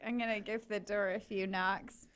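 Hesitant, gentle woman playing a tabletop game. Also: medium pitch, little pitch movement, normal speed, clear, resonant tone. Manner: hesitant, gentle, with many restarts.

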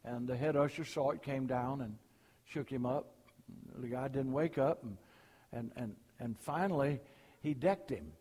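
A man's voice: mid-range voice, a little slow, mellow, breathy edge, long reverb tail. An older man from Alabama, a preacher giving a folksy sermon full of jokes at a church meeting. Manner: folksy, storytelling.

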